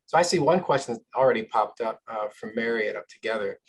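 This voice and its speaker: A man moderating a panel discussion over a video call, speaking in a measured, affirming way. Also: medium pitch, animated, slight background noise, rough recording.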